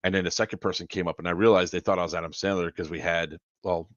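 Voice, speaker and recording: A deep-voiced man hosts a charity livestream, talking fast with fairly even intonation as he tells casual, profane, rambling stories and laughs often. The lo-fi stream audio sounds dull, with no room sound.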